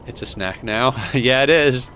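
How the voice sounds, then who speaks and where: A man's voice: medium pitch, a little slow, pushed and bright, a little hiss or hum. A man streaming a video game, chatting casually and greeting his viewers by name. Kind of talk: casual gameplay commentary.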